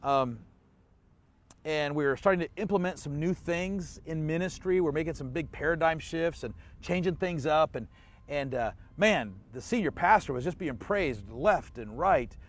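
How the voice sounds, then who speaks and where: A man's voice: on the high side, animated, normal speed. A man pastor giving an online church sermon in a conversational way, asking the listener questions and chuckling often.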